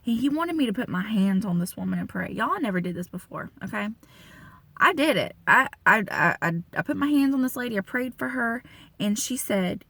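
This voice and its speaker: A woman in her thirties sharing a personal faith testimony in a casual, chatty way, with many fillers, talking straight to her listeners and leaping up in pitch when she quotes herself. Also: fairly quick, gravelly, dry recording. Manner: conversational, frequent fillers, addresses listeners as y'all; animated storytelling with pitch jumps when quoting herself.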